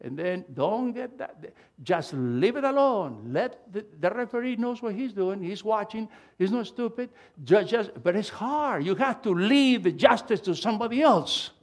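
A man preaching a sermon, emphatic and animated, swinging between loud and hushed delivery with halting restarts. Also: high-pitched. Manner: halting restarts and repeated words.

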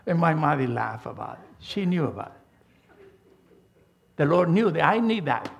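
Older preacher man, gravelly and animated. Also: on the high side, normal speed, lo-fi sound. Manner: emphatic preaching with a storytelling style, frequent restarts. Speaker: pastor. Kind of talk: sermon.

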